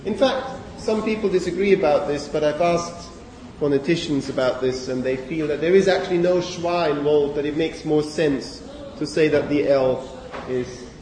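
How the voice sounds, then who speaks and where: A man's voice: on the high side, moderate pace, few pauses, a little mellow, slight background noise. A man giving a university phonetics lecture, explaining step by step and checking in with students with frequent "okay"s. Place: large lecture hall. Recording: echoey lecture hall from a distance.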